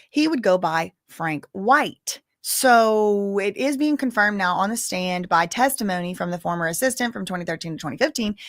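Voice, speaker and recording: A woman's voice: lowish voice, a bit bright, dry recording, studio quality. A woman hosting a live news commentary stream, reading updates and adding casual, rambling asides.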